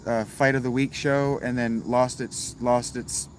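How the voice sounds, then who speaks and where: Unhurried and relaxed, a male streamer works through his chat with wry replies and a curse here and there. His pitch is ordinary, and steady hiss plus outdoor crickets fill the background.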